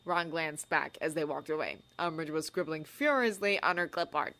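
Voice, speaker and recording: A woman narrating a fan-written story in an expressive, audiobook reading style. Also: deep voice, moderate pace. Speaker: fanfiction reader.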